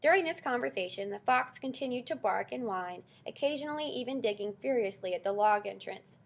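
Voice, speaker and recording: A woman's voice: fairly high pitch, fairly quick, gravelly. Woman narrating a children's story. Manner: expressive storytelling. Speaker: audiobook narrator. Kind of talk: scripted narration.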